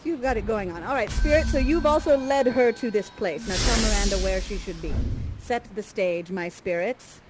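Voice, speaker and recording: Over background music and through poor audio, a woman speaks at a moderate pace in a mid-range voice. She's an actor in improvised interactive theatre playing Prospero, guiding players as a chatty, playful, encouraging guide and father figure.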